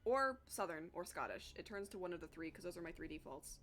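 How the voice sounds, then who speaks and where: A woman's voice: fairly low pitch, animated, a little fast, fairly bright tone, slight background noise. A young woman chatting casually with her live chat while she draws, talkative and self-deprecating, swearing freely. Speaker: streamer drawing live.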